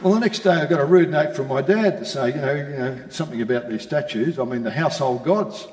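An older man preaching in a roomy hall with a long, ringing reverb. He tells a personal story in a mid-pitched voice, then lifts into emphatic exhortation. The sound carries the echo of a large church space. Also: fast talker, darkish tone. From Australia. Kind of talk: sermon testimony. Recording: echoey hall.

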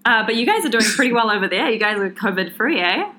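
A woman's voice: on the high side, animated, fast, sharp tone. A woman from New Zealand with a New Zealand accent, co-hosting a podcast in chatty, eager casual talk. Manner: chatty and eager, with many fillers. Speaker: podcast co-host.

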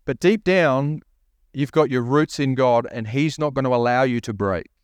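A man's voice: mid-range voice, normal speed, clear, resonant tone, dry recording. Man preaching in a dry room. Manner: preaching with rhetorical questions to the congregation; reads scripture aloud, voicing the prophet's lines. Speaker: pastor. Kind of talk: sermon.

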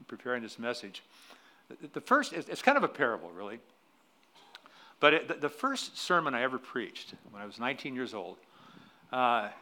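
A middle-aged man preaching a sermon in a church, telling a story with loud emphatic peaks that drop to quiet, then closing in prayer. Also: medium pitch. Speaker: pastor. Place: church sanctuary.

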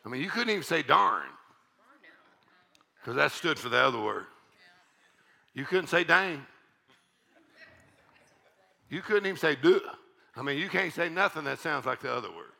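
A man preaching in a church service, his voice gravelly and piercingly bright. He rises into fiery shouted exhortation and drops into folksy storytelling, with his pitch leaping and falling widely. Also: expressive, moderate pace, long pauses. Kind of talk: sermon.

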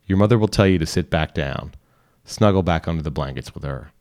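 A man reading a short story aloud in calm, instructional second person. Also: very deep voice, brisk. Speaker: reader. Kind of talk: scripted narration.

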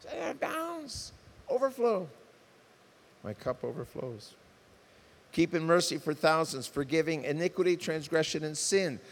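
A man preaching a sermon as pastor, impassioned, swinging from loud emphatic outbursts to soft earnest tones. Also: on the high side, sing-song, measured pace, creaky. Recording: reverberant hall.

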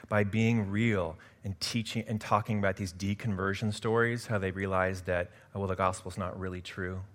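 Low-voiced male pastor preaching with fervor. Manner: swings from quiet confiding asides to loud emphatic preaching; self-deprecating, laughs at himself. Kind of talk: sermon.

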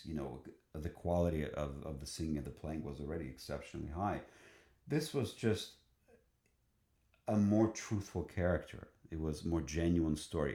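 Here a choral singer speaks in a rumbling low, dark-toned voice that echoes around the room. Excited as he tells his story in conversation, he keeps restarting sentences and leaning on fillers.

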